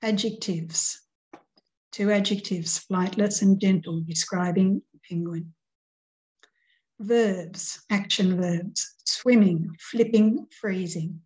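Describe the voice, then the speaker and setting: A woman's voice: mid-range voice, fairly even intonation, takes it slowly, a little mellow, low-quality recording. A middle-aged woman teacher giving a recorded grammar lesson, patiently walking through examples and counting out syllables.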